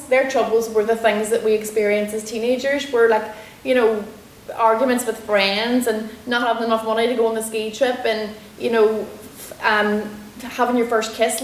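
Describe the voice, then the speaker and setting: Chatty Northern Irish woman in a roomy hall. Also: a little high. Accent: Derry, Northern Irish. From Northern Ireland. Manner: chatty, animated anecdotes with quick laughs. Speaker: guest comedian and actor. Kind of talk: storytelling interview answers. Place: lecture room in a university building. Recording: roomy lecture hall with faint hiss.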